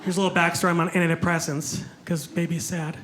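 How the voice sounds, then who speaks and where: A man's voice, on the high side and level in tone, moves at a quick pace as he does stand-up on a comedy club stage. Self-deprecating and chatty with the crowd, he performs in a live room where background noise and audience ambience come through.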